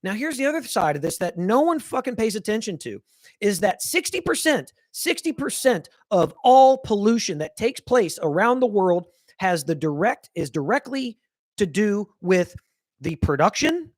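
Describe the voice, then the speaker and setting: A man's voice: high-pitched, big pitch swings, moderate pace, no room sound. Heated profane man ranting. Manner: heated, profane, repeats himself. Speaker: podcast host. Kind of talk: ranting political commentary.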